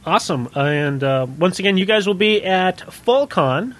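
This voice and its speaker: Podcast host guy, kinda high voice, rambly, lots of um and uh, laughs a bunch. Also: lively intonation, moderate pace, a bit bright. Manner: rambling, laughs often, many fillers. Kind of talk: casual chat.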